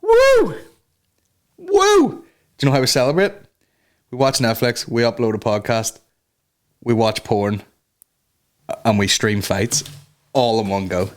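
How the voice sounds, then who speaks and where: A man's voice: fairly low pitch, unhurried, long pauses. A man hosting a comedy podcast, joking, swearing and acting out silly voices in casual banter. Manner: animated, swearing, acts out voices. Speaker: podcast host.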